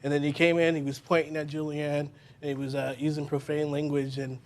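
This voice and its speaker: A male witness describes what he saw in court, pausing and restarting. His voice sits a little high for a man. Faint noise lies under him. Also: level tone. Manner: halting, hesitant account. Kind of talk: courtroom testimony.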